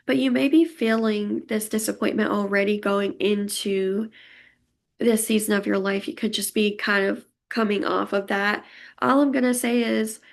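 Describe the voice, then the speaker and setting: A woman's voice: medium pitch, steady tone, moderate pace, gravelly. A woman giving a casual pick-a-card tarot reading, chatty and emotional, reassuring her viewers and laughing often. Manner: warm, reassuring tone toward viewers.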